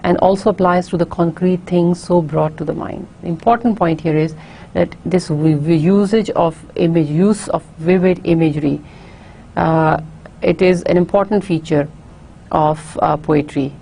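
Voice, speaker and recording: A woman giving a recorded university lecture, explaining carefully and often pausing on fillers and restarts. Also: fairly low pitch, fairly even intonation, vocal fry, warm tone, a little hiss or hum.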